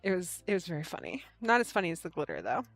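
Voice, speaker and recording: A woman's voice: on the low side, fast talker, faint music behind. Chatty woman telling stories while knitting. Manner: animated storyteller, laughing often. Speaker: host of a knitting livestream. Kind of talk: casual livestream chat while knitting.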